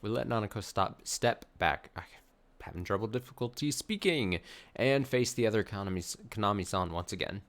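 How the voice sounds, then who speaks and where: A man's voice: on the low side, animated, normal speed, a bit bright. A man streaming a video game, reading the dialogue aloud with sarcastic, laughing asides. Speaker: let's play streamer.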